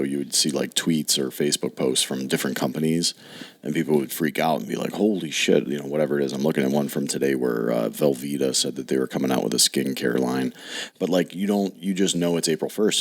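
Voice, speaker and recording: Man, 30s, extremely deep voice, dry, matter-of-fact, podcast chat. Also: fast, gravelly. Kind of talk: casual chat.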